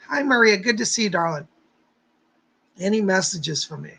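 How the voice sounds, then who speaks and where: A man's voice: sits high, moderate pace, creaky, bright, forceful tone, poor audio. A man hosting a psychic livestream who chats casually with viewers, greets them by name, leads a guided meditation and gives readings.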